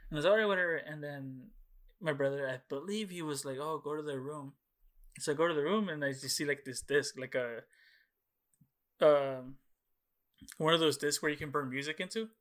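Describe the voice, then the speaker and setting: Rambling, excitable young male podcast co-host. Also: a little high, normal speed, long pauses. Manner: rambling storytelling full of fillers and swearing, acting out his own past reactions. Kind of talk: casual chat.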